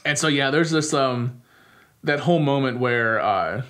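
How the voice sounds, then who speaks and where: A young man recaps a movie plot in an easygoing podcast chat. His voice sits at an ordinary middle pitch, and he talks in a loose, animated way, full of "like" and "um". He keeps slipping into quick acted-out snippets of dialogue. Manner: animated retelling with frequent "like" fillers and quick acted-out lines. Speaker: podcast co-host.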